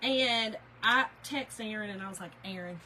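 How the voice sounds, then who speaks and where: A woman's voice: medium pitch, unhurried, sharp tone, a little hiss or hum, low-quality recording. A middle-aged woman, chatting casually on a craft live stream, telling stories, laughing often and greeting viewers by name.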